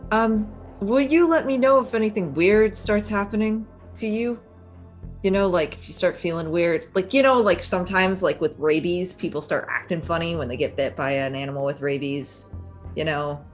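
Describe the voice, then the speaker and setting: A woman's voice: fairly low pitch, moderate pace, soft background music. A woman playing in a tabletop game, speaking hesitantly with many fillers. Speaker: player. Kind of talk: tabletop role-play.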